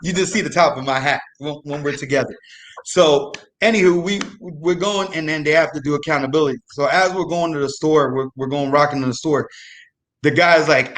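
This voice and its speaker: On a live show, a young guest storyteller recounts a true story casually, laughing through it and throwing in animated asides. His voice runs on the high side and he speaks fairly quickly.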